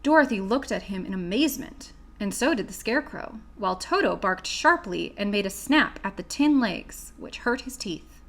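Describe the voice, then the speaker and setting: A woman narrating a classic children's book in a steady, clear reading voice. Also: mid-range voice, moderate pace, few pauses. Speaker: audiobook reader. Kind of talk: storybook narration.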